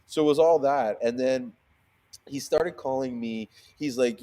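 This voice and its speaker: A man in a casual interview, telling a story with lots of swearing and restarts. He acts out the other people in it with sudden jumps in pitch, from low and quiet to high and loud. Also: measured pace. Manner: swears freely, acts out quoted voices with sharp pitch jumps; fillers and frequent restarts. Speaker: seamoss seller, guest.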